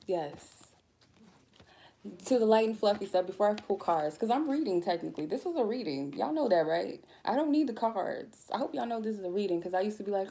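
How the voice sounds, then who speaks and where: A woman's voice: mid-range voice, animated, brisk, dark tone, slight background noise. A woman tarot reader giving a casual spiritual talk, blunt and goofy, swearing freely.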